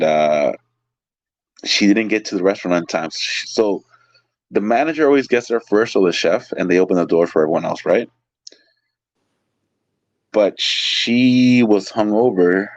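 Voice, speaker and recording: A man from Lake Tahoe, California, telling stories about his work as a waiter in a casual interview, animated and quick to act out the people he quotes. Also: low-pitched, rough recording. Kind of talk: casual storytelling.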